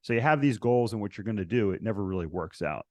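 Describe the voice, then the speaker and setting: A man with a low voice speaks as a podcast guest in a dry, close recording. He tells stories casually and acts out past conversations with plenty of energy. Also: lively intonation, quick pace, darkish tone, no echo. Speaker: podcast guest, real estate investor. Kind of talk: casual interview storytelling.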